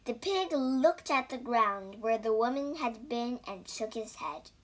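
A woman teacher narrating a story slowly and carefully for language learners and spelling out words. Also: on the high side, animated. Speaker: English teacher and story reader.

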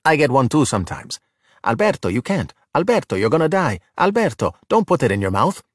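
A man's voice: mid-range voice, sing-song, a little fast, no room sound, clean studio sound. A man voicing a bold, cocky young sea-monster boy who talks with breezy confidence, in a storybook reading.

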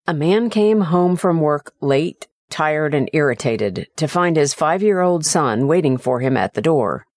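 A woman narrating a short story in an expressive, dramatic way. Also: low-pitched, a little slow, hardly any pauses, dry recording, studio quality.

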